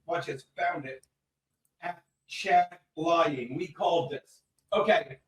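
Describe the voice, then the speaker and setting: A man hosting a comedy podcast, ranting heatedly in casual chat and mocking people with quick impressions. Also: a little high, slightly rough.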